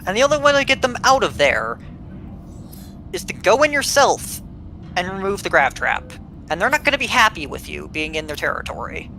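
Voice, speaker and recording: A game commentator talks casually over loud game music, explaining the gameplay, restarting sentences often and using filler words. His voice sits high with big pitch swings and a brisk delivery. The recording is low quality, with a little hiss or hum.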